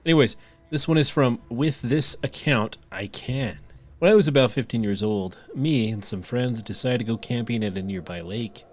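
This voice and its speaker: A man's voice: mid-range voice, normal speed. A man co-hosting a podcast, reading stories aloud and joking and laughing between lines. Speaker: podcast co-host.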